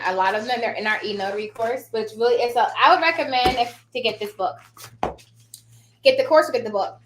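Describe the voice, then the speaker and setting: Her voice is a little high with a fairly bright tone, and the sound is reverberant. She's an online notary trainer hosting a casual live stream from her home office, rambling chattily, frequently losing her thread and laughing.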